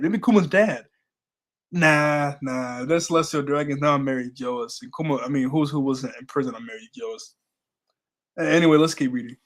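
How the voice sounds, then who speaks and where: In a mid-range voice, a man hosts a casual manga reaction, reading the panels aloud. Between them he muses with fillers and quick laughs.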